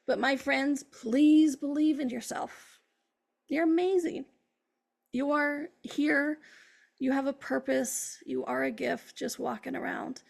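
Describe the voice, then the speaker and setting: A woman's voice: high-pitched, creaky. A woman hosting a motivational self-help show, speaking in an upbeat, encouraging way straight to her listeners. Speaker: host.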